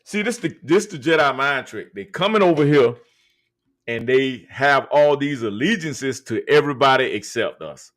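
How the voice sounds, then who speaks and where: A man's voice: medium pitch, lively intonation, moderate pace, a bit bright. A man hosting a live stream, talking emphatically and drawing out his words with many hesitations. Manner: emphatic, drawn out, many uh fillers. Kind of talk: casual live-stream talk.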